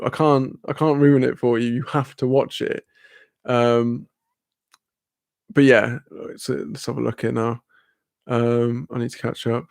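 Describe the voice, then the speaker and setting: A man's voice: medium pitch, vocal fry, a little mellow, no room sound, clean studio sound. A man chatting casually with his live-stream audience, rambling and laid-back, swearing offhandedly and laughing often.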